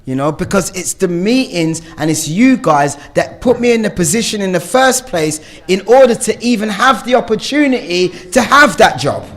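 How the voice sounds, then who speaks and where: Man, recovery meeting share, earnest storyteller, tag questions, slightly high voice. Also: expressive, normal speed, hardly any pauses, a bit bright. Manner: earnest, frequent "you know" and "yeah?" tag questions.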